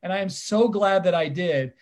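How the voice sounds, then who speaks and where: Guy in his 50s telling stories, high voice, really animated, acts out who said what. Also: normal speed. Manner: animated, emphatic storyteller who acts out the dialogue. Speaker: guest, criminal defense attorney. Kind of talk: personal storytelling in conversation.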